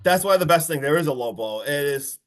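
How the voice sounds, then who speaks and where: A man with a slightly high voice recaps a horror movie on a podcast, rambling excitedly and peppering his talk with "like" and "friggin'". He keeps the story rolling as if it were a casual chat with a friend. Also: brisk. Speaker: podcast co-host.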